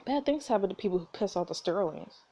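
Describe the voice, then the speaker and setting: A woman's voice: mid-range voice, expressive, fast, dark tone, close to an everyday voice. A woman voicing a defeated, boastful drunk man at a bar who talks in a blustering, defensive way.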